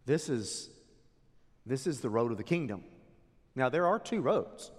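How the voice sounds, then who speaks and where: A man preaching a sermon as pastor, dramatic, swinging from loud declarations to hushed asides. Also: mid-range voice, very animated, a little slow, slightly rough, in a large hall.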